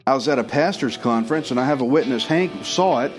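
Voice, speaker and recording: A man preaching a sermon in an animated way, acting out the voices of the people he quotes. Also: medium pitch, fast talker, soft background music.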